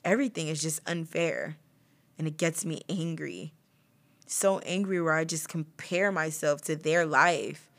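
A young woman talks candidly on her podcast in a fairly low voice, laughing lightly between phrases. Her delivery is confessional and personal. She speaks as a storyteller sharing her own experience. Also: animated, a little slow. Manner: candid, confessional, laughs often mid-sentence. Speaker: podcast host.

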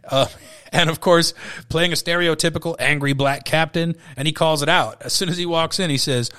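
A man's voice: a little high, steady tone, normal speed, bright, forceful tone, clean tone. A man in his thirties hosting a podcast, chatting casually about a movie he loves, rambling and swearing freely. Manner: rambling, profane, with frequent fillers. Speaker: podcast host. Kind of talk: casual movie review chat.

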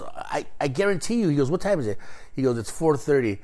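A man whose voice sits on the high side talks fast while casually telling a long story in a chat. Swearing freely and staying animated, he acts out both sides of every quoted exchange.

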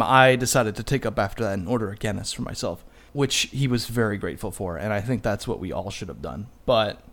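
A man co-hosting a podcast, telling a story casually, laughing often and trailing off softly. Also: on the low side. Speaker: podcast co-host. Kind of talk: casual chat.

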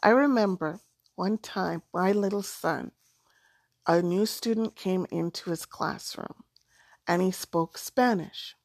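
Slow, deliberate woman storyteller. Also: lowish voice, a little mellow, dry recording, clean studio sound. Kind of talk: storytelling narration.

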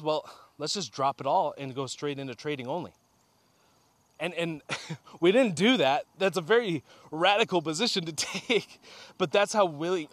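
A man's voice: fairly high pitch, no echo. Man talking on a walk, breathing hard. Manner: energetic, talks to listeners as guys. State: slightly out of breath from walking. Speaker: podcast host. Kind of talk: casual motivational talk. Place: outdoors on a walk.

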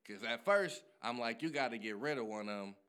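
A man in casual, profane sports chat who laughs often and gets animated. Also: medium pitch, fairly quick, clear, resonant tone.

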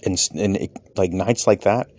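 Here a dad who works as a comedian and podcaster muses about his life in a loose, honest ramble peppered with casual curses. His voice sits low with a darkish tone, and he talks at a normal speed.

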